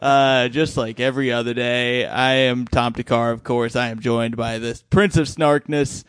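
A man's voice: medium pitch, fairly even intonation, moderate pace, a bit bright, clear, resonant tone, no echo. A man hosting a comedy podcast, bantering loosely, swearing and laughing, recorded in a studio. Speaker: podcast host. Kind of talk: casual comedy podcast chat.

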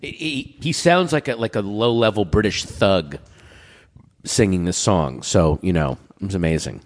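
A middle-aged man chatting casually, telling stories and acting out quotes, with a dry voice and frequent throat-clearing. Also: low-pitched, normal speed, in a large hall. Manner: animated storyteller, acts out quotes. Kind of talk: casual chat.

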